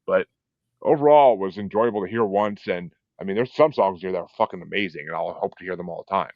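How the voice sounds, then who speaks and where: A man hosting a podcast in casual chat, telling stories in a profane, animated way and acting out his own reactions. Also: deep voice, fast talker, dry recording. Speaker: podcast host. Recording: dull, dry lo-fi sound.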